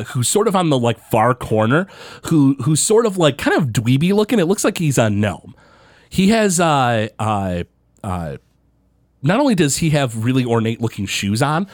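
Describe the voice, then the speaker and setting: A man's voice: dry recording, studio quality. A young man running a tabletop game as game master, rambling with many fillers. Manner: rambling, lots of fillers, pitch jumping around.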